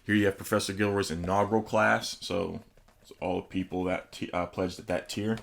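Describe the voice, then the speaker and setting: Host with a very low voice doing a casual unboxing review, chatty and enthusiastic. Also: male voice, steady tone, fairly quick, gravelly. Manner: enthusiastic, chatty, with hesitant pronunciations. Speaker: host reviewing tabletop game books.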